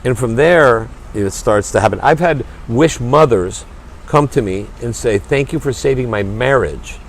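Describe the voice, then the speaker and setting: A man's voice: medium pitch, expressive, measured pace, a little hiss or hum. Earnest man, emphatic, restarting sentences. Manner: earnest, emphatic, repeats words when starting sentences. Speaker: restaurant owner and charity chairman, guest. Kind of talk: passionate interview talk.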